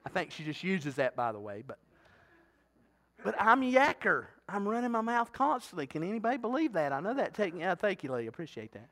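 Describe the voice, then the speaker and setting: A middle-aged male pastor with a high-pitched voice, delivering a sermon. His tone is bright and forceful. He talks in a chatty, folksy way and keeps asking the congregation questions. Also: big pitch swings, a little fast. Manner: folksy, talkative preaching with rhetorical questions to the congregation.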